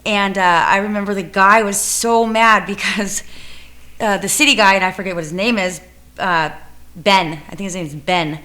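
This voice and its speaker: A woman's voice: mid-range voice, moderate pace, pushed and bright. A woman who co-runs a music venue telling a story in a casual interview, rambling with fillers and self-corrections.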